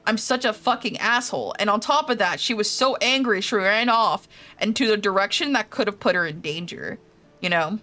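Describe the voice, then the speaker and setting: Bright-voiced young woman streamer. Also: medium pitch, moderate pace. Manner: rambling, swears freely, heavy use of "like". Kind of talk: casual stream chat recapping game quests.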